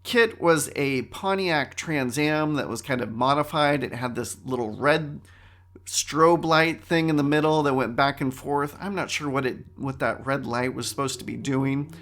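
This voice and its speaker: A middle-aged man hosting a casual solo podcast, talking in an animated, wry way that often interrupts itself. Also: medium pitch, a little slow. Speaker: podcast host.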